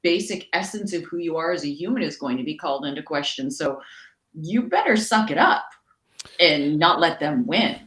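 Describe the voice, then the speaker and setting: A woman from Canada, a broadcaster and announcer, chatting as an interview guest and acting out quoted lines in lively voices. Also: low-pitched, moderate pace, reverberant. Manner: animated, acts out quotes in other voices. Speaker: guest, sports announcer and weather anchor. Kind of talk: casual interview storytelling.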